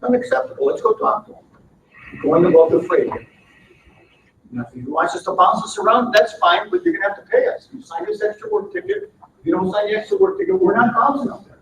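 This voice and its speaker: A man leads a live workshop in a high, animated voice, acting out back-and-forth dialogues as he teaches. He is recorded from a distance in an echoey meeting room. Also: a little fast, vocal fry, noisy background. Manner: animated, acts out workplace dialogues. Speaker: workshop trainer. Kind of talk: live training seminar. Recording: echoey room, mic far off.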